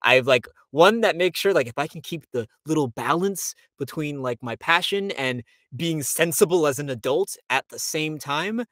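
A man's voice: a little high, lively intonation, normal speed, few pauses, a bit bright, dry recording. A young man from Miami chats casually as an interview guest. He talks about his voice acting work, leans on fillers like "like" and "you know", and laughs often. The sound is dry and close, with no room in it. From Miami, Florida. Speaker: voice actor guest.

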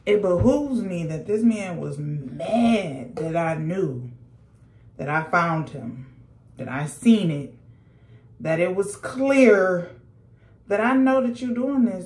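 A woman's voice: fairly low pitch, lively intonation, slow pace, darkish tone, roomy sound. A young woman, telling a sassy, slangy storytime while doing her makeup at home. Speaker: vlogger. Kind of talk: casual storytime chat.

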